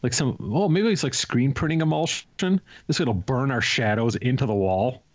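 A man's voice: mid-range voice, moderate pace, dull audio. A man co-hosting a podcast, chatting casually and joking at his own expense. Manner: joking, chatty, self-deprecating. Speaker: podcast co-host.

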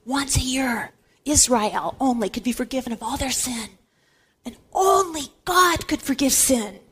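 In an expressive, slightly slow delivery, a woman with a high, slightly rough and a bit bright voice teaches scripture with emphasis. Like a Catholic Bible teacher, she repeats key words over and over to drive her points home.

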